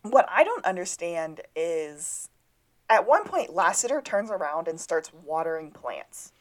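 A woman's voice: sing-song, unhurried. Bubbly woman retelling a plot. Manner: bubbly retelling, acting out lines with big pitch jumps. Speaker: podcast co-host. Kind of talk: casual recap chat.

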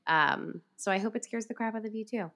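A woman co-hosting a podcast in casual chat, with a bright, forward voice. She talks animatedly, filling her sentences with likes and ums. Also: medium pitch, fairly quick, gravelly. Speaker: podcast co-host.

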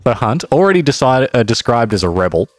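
Young male host, animated pitch, dry close mic, playful storytelling. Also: fast talker, no echo. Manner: lively, laughs easily, playful asides. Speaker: podcast co-host. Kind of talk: casual storytelling chat.

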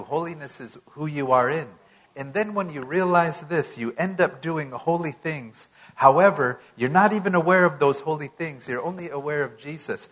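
A male preacher delivers a sermon in an unhurried, measured way. His voice sits somewhat high for a man. He leans hard on key phrases, then drops to a near hush. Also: poor audio. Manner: unhurried, emphatic preaching with sudden loud and soft swings.

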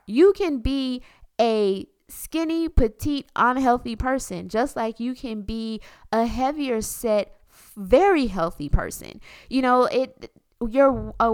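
Woman, 30s, podcast host; frank and conversational, smooth clear voice, dry close recording. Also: medium pitch, dry recording. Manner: candid, chatty, with frequent fillers. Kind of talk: personal podcast monologue.

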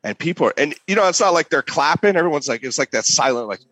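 Animated man telling a cooking story. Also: on the high side, quick pace, no room sound. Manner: animated, acts out voices. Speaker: competition barbecue cook. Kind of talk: casual storytelling.

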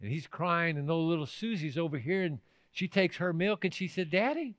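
A man's voice: on the high side, a little fast, a bit bright, no echo, clean studio sound. A man preaching a sermon as pastor, emphatic, often asking the congregation if they are still with him. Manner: emphatic, with rhetorical questions to the congregation.

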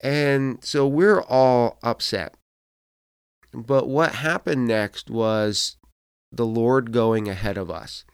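A man's voice: mid-range voice, slow pace, clear, resonant tone, no room sound, clean studio sound. A man, a pastor, giving a sermon, telling a personal story and acting out quoted voices as he goes.

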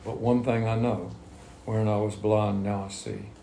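A man leads a Bible study, reading scripture and then unpacking it in everyday words. His voice sits low with a gravelly edge. The room around him echoes, with a faint hum behind. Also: level tone, moderate pace, warm tone. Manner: reads scripture then explains it in plain talk.

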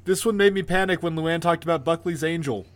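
A man co-hosting a podcast in casual chat, ranting with animated, profane energy. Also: on the high side, a little fast. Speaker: podcast co-host.

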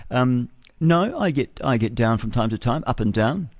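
Laughing at his own jokes, a middle-aged radio host with a New Zealand accent rambles opinionatedly through a breakfast show monologue in a radio studio. His mid-range voice is expressive and darkish in tone, at a moderate pace with no echo.

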